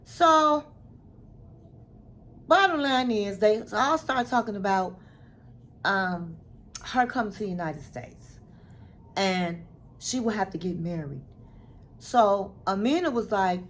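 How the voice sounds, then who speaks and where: A woman giving a casual recap of a reality show, retelling scenes in an animated, dramatic way and calling the listener honey. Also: mid-range voice, slow, pauses often, a little hiss or hum. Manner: chatty, says "honey" and "girl". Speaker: recap vlogger.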